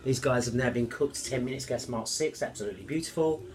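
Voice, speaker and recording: A man talks through his home baking in a loose, chatty vlog. He rambles cheerfully and jokes at his own expense, and his voice sits at an ordinary middle pitch. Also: fast talker, darkish tone. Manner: cheerful, rambling, self-mocking. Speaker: home cooking vlogger. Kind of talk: casual chatty cooking vlog.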